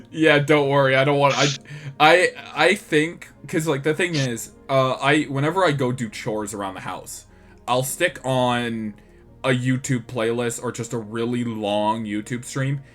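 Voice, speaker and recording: A man in a relaxed gaming chat, talking in long rambling stretches and restarting his sentences often. His voice sits at an ordinary middle pitch. Faint music plays softly behind him. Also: measured pace. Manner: rambling, with many restarts and laughs. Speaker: podcast co-host.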